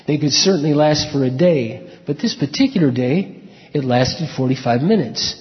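A man's voice: fairly high pitch, lively intonation, moderate pace. Man, pastor, sermon, earnest repetitive cadence, long hall reverb, muffled recording. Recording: reverberant hall, dull lo-fi sound.

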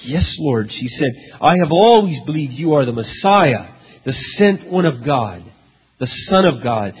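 A male pastor preaching a sermon, telling a story dramatically, with loud emphatic peaks and hushed low passages. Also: expressive, a little slow, husky. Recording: dull lo-fi recording in a reverberant hall.

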